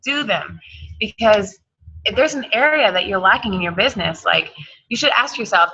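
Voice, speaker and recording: A woman's voice: medium pitch, expressive, normal speed, pushed and bright, lo-fi sound. A woman giving an emphatic, hyped motivational talk on a team call, repeating her points. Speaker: team coach.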